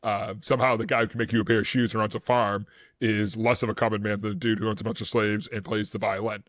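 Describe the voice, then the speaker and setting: A man co-hosting a casual history podcast, talking in an animated, rambling way with lots of fillers. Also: on the low side, fast, dry recording, clean studio sound. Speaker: podcast co-host.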